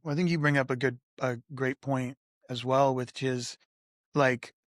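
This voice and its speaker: A man on a podcast panel, telling candid stories in a lively way, often saying "like" and acting out the voices of people he quotes. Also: mid-range voice, measured pace, no echo, studio quality. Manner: animated, acts out quoted voices, frequent "like". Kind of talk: candid conversational storytelling.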